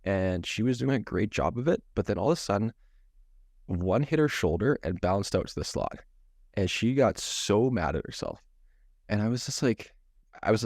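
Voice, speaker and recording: A man's voice: on the low side, gravelly, darkish tone, dry recording, clean studio sound. A man in his thirties, a goalie coach, chatting casually on a podcast, rambling with many false starts and restarts. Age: 30s.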